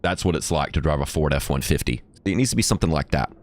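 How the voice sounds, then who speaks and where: A man's voice: extremely low pitch, lively intonation, fast talker, no echo. A man streaming live in casual chat, jokey and rambling, laughing often and restarting his words.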